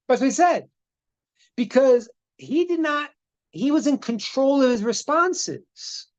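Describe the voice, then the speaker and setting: Brief: lively male rabbi telling a teaching story, pitch swinging widely, repeating words, over slightly muffled call audio. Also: slow. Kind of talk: religious lesson with a storytelling part. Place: online meeting. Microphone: video call.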